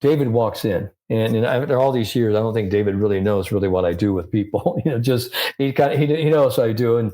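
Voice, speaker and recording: An older man, a sports psychologist, telling a story in an interview and lively acting out the voices of the people in it. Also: fairly low pitch, fast, few pauses.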